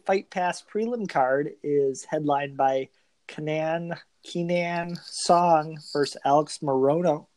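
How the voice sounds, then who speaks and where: A man's voice: on the high side, takes it slowly, dry recording. A man co-hosting a casual podcast, reading out fight lineups with dry asides. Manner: reads lineups in a flat listing way, dry asides.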